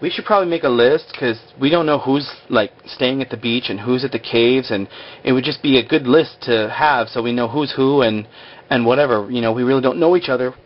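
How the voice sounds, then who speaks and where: A man's voice: medium pitch, fairly quick, natural voice. A man voicing an easygoing young guy with a loose, dude-heavy way of talking, on a slightly dull lo-fi recording. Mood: casual. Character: laid-back, easygoing young man, surfer-style talk.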